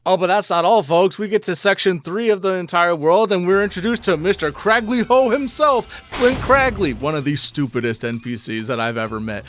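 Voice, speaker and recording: Brief: slightly high-voiced male host, comedic rant, indignant and over the top, faint music bed. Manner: exaggerated, indignant, swings between loud and low. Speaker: video game commentary host.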